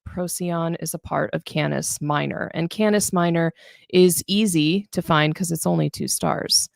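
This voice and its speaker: A woman's voice: fairly low pitch, unhurried, gravelly, dry recording, clean studio sound. A middle-aged woman teaching astronomy on a live stream, chatty and self-deprecating as she thinks aloud while marking up a star photo. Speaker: astronomy educator. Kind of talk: live-streamed screen-share lesson.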